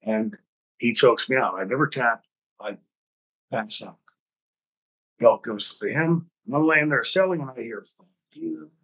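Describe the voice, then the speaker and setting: Husky man telling backstage stories. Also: medium pitch, measured pace, long pauses, poor audio. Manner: animated storytelling with profanity and reenacted dialogue. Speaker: podcast host. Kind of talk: storytelling podcast talk.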